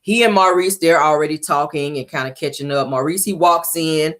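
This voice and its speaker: A woman hosting a casual reality show recap, sassy and animated, acting out the cast's lines in different voices. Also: deep voice, brisk.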